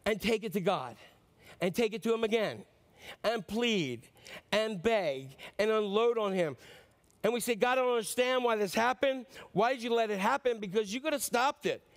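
A man delivering a sermon with a notably high voice. He speaks earnestly, pleading with the listener, lifting his voice for emphasis and then sinking low and quiet. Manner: earnest, pleading, rises and drops sharply for emphasis. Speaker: pastor.

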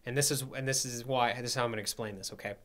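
A man's voice: mid-range voice, steady tone, rapid-fire, a bit bright. Bible study teacher, man, conversational and explanatory, keeps asking "right?". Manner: explanatory, asks checking questions.

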